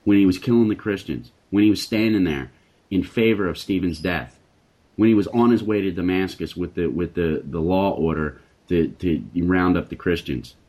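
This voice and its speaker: A man's voice: sits low, moderate pace, darkish tone. A man hosting a Christian talk discussion, speaking in an emphatic, preacherly way and repeating phrases for force. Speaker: Christian talk show host.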